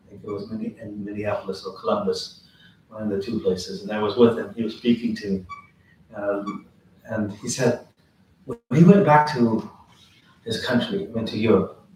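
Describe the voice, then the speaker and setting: A man giving an informal religious lecture, telling a story with animated acted-out voices and chuckles. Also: on the low side, moderate pace. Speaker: Islamic teacher. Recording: very echoey room, distant mic, faint noise.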